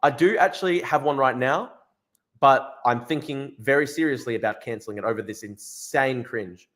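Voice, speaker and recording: A man's voice: medium pitch, a bit bright. A young man hosting a casual livestream, reading chat and article lines, blunt and profane, often repeating himself. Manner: blunt, swearing, quick asides; repeats phrases, restarts. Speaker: livestream host.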